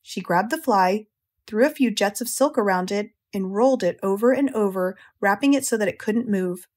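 An American woman narrating a children's audiobook in a slow, clear, gentle way. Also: medium pitch. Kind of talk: storybook narration.

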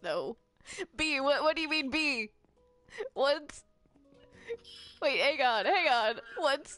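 A woman playing a game roleplay in casual chat, laughing often and protesting with rapid repeated no's. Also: sits high, expressive, sharp tone, faint music behind. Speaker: player narrating a game roleplay.

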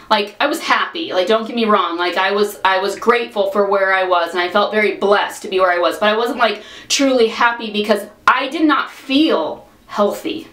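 A woman's voice: medium pitch, a bit bright, roomy sound, poor audio. A woman in her thirties talking earnestly to her viewers in a personal vlog, encouraging them and filling her speech with "like" and "you know". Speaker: vlogger. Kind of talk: personal vlog talk to camera.

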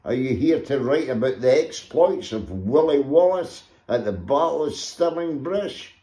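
A man's voice: mid-range voice, lively intonation, measured pace, dark tone, close to an everyday voice. A man with a Scottish accent voicing a plain-spoken, blunt male tavern owner. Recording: echoey room.

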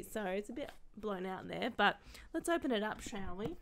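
A woman's voice: mid-range voice, lively intonation, moderate pace, gravelly, background noise. A young woman casually unboxing gear for her vlog, gushing, sweary and chatty with rambling asides. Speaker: content creator and streamer.

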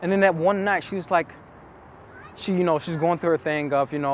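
Guy telling dating stories to camera, kinda high voice, keeps repeating himself for emphasis, city noise behind. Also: steady tone, brisk. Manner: earnest, intimate, repeats phrases for emphasis. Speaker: dating coach. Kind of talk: casual storytelling to camera.

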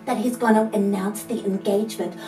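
A woman's voice: mid-range voice, steady tone, fairly quick, dark tone, natural voice. A woman playing a disapproving mother-in-law who speaks in a sarcastic, cutting way in an amateur film drama. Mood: snide. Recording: echoey room, distant mic, music behind.

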